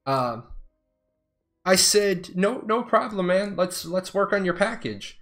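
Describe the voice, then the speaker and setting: A middle-aged former Air Force officer with a high, animated, fairly bright voice tells stories at a moderate pace. His casual storytelling is blunt, profane, and rambling, wandering off mid-story.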